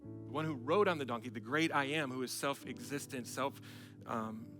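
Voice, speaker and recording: A male pastor preaching in a church sanctuary, conversational and quick with joking asides. His voice sits at a middle pitch, and soft guitar plays behind him. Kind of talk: sermon.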